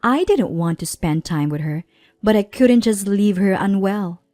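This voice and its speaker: A woman in her thirties narrating a personal story in a measured, plaintive way. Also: mid-range voice, animated, dark tone, dry recording, studio quality, soft background music. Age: 30s.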